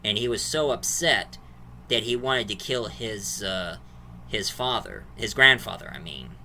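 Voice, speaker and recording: Brief: male movie reviewer, casual and rambling, very bright, cutting tone. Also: fairly low pitch, lively intonation, a little slow, creaky, a little hiss or hum. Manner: rambling plot recap, restarts and fillers.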